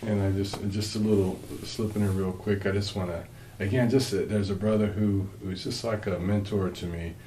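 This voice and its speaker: Deep-voiced earnest man in marriage talk. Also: fairly even intonation, moderate pace, dark tone, roomy sound, a little hiss or hum, low-quality recording. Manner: earnest, rambling with restarts. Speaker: co-host, husband. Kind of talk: casual faith-based marriage talk.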